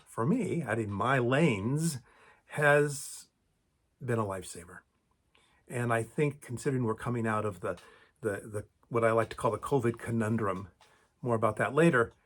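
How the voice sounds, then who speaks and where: A middle-aged man with a mid-pitched voice speaks thoughtfully to his camera as the host of his own channel. He often restarts sentences and repeats words while searching for the right phrasing. His pitch lifts brightly on the words he wants to stress. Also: unhurried. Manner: thoughtful, with lively rises in pitch on key words. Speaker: creator and host of a video channel. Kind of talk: reflective solo talk to camera.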